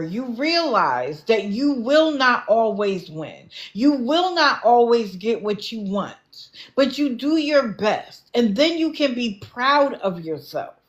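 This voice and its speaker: A woman doing casual livestream commentary, blunt and lecturing, with an exasperated edge. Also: on the high side. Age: adult, not young.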